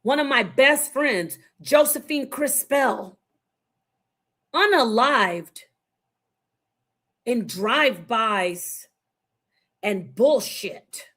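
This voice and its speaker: A woman's voice: on the high side, lively intonation, extremely slow, long pauses, a bit bright. A woman in her fifties from Phoenix, Arizona, speaking as a panelist in an online forum. She argues heatedly and confrontationally, swears freely, and rambles, repeating and restarting her phrases. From Phoenix, Arizona, USA. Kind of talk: heated opinion talk.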